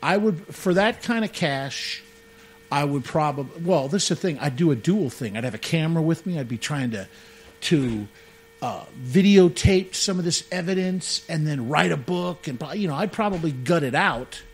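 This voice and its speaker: On a radio show he co-hosts, a man with a husky, somewhat high voice speaks expressively at a moderate pace. He chats casually, rambling, joking, and often saying "man."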